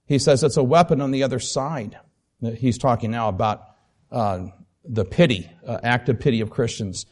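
A man preaching a sermon, explaining earnestly with filler pauses and reading aloud from a book. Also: medium pitch, a little mellow.

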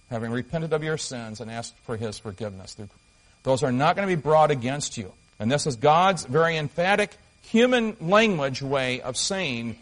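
A man preaching a sermon, speaking earnestly and emphatically, with short pauses and restarts as he reads and explains scripture. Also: a little high, rough recording. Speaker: pastor.

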